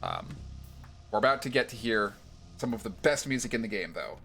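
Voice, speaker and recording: A man's voice: lowish voice, sing-song, brisk, creaky, bright, forceful tone, soft background music. A man streaming a video game live, making chatty, wry asides between reading game dialogue aloud. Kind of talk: live gameplay commentary.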